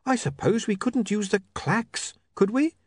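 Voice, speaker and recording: A man voicing a brisk, sensible young woman. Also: sits high, dry recording, studio quality, pitched above the performer's own voice. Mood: questioning.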